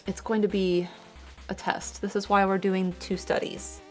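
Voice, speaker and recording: A woman's voice: mid-range voice, little pitch movement, unhurried, faint music behind. A young woman streaming her art, chatting casually and explaining her painting steps as she works. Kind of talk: casual chat while painting.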